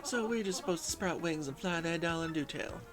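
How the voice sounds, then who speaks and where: Man voicing grand dame, dramatic, flowery, lively, music behind. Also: on the high side, a little fast. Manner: melodramatic, flowery. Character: theatrical grand lady, dramatic diva.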